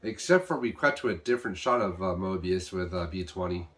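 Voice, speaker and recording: A man casually recapping an episode, rambling with restarts and quickly paraphrasing what the characters say. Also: low voice, animated, noisy background. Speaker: show reviewer.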